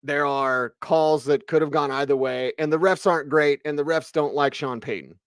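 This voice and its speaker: Male sports radio host, slightly high voice, dry studio sound, opinionated and punchy, keeps firing rhetorical questions. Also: fairly even intonation, normal speed, fairly bright tone, no room sound. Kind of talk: postgame sports talk rant.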